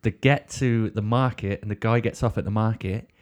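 Chatty podcast host, rambling. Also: male voice, lowish voice, fairly even intonation, normal speed. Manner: rambling, swears, tells anecdotes. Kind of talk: casual comic chat.

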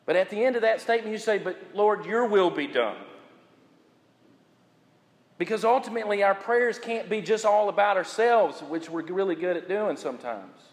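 A man preaching a sermon as pastor, building to emphatic, drawn-out repeated phrases and dropping low for quiet asides. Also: long reverb tail.

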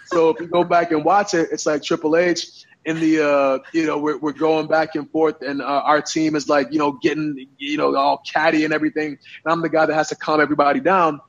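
Husky man telling a story. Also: fairly high pitch, brisk. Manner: animated, with lots of fillers and repeats. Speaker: interview guest. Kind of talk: casual storytelling in an interview. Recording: dull, muffled recording.

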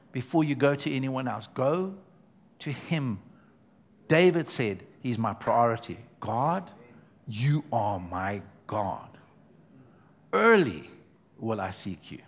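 A man's voice: mid-range voice, gravelly. A man preaching a sermon to his church, emphatic and conversational, calling out to the congregation as he goes. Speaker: pastor.

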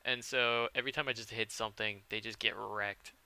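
Man, podcast co-host, very bright and smooth voice, hesitant, filler-heavy casual chat. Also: lowish voice, fairly even intonation, brisk, no room sound.

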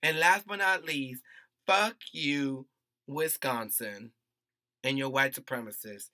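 A man's voice: mid-range voice, slow pace, pushed and bright, dry recording. A man co-hosting a casual podcast, talking in a heated, profane, emphatic way. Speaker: podcast co-host.

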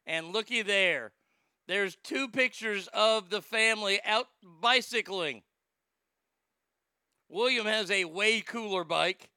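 Sarcastic swearing guy ranting on his vlog, high gravelly voice, super bright. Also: slow pace, no echo, clean studio sound. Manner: profane, sarcastic, mocking. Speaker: commentator. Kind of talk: casual commentary vlog.

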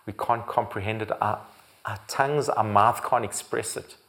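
A man preaching a sermon as pastor, building to loud, emphatic repeated phrases and sometimes correcting himself. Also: lowish voice, steady tone, moderate pace. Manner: occasional restarts and self-corrections.

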